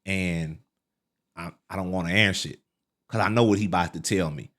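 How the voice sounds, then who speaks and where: A middle-aged man, a podcast guest, telling his life story in a casual, animated way, full of fillers like "man" and "like". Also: brisk. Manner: relives quotes with sharp pitch leaps.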